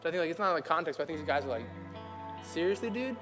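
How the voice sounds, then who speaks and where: A man's voice: on the high side, rapid-fire. A young man preaching a sermon as pastor in a casual, conversational way, acting out what the people in his stories say. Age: young adult. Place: church hall. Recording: hall reverb with faint music.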